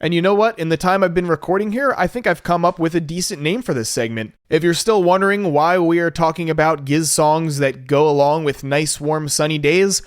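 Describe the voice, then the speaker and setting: A man's voice: on the high side, a little fast, hardly any pauses, clear, resonant tone, no room sound, clean studio sound. A man hosting a solo podcast in a casual, enthusiastic, laid-back way, with some casual swearing. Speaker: podcast host.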